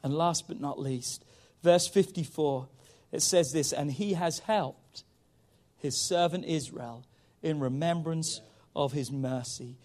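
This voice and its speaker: Emphatic high-voiced male preacher. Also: takes it slowly, darkish tone. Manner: emphatic, repeats "come on", rises and drops in volume. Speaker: pastor. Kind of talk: sermon.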